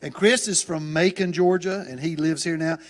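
Speaking at a normal speed in a steady tone, this Southern US man's voice sits on the high side. He's a guest preacher delivering a folksy, chatty sermon with many restarts, and the church auditorium adds long reverb.

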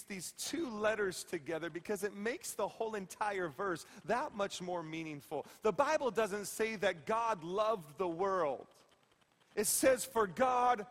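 A middle-aged man preaching a sermon as pastor, playful and emphatic, dropping to a hush and then rising to shouts. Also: high voice, long reverb tail. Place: church sanctuary.

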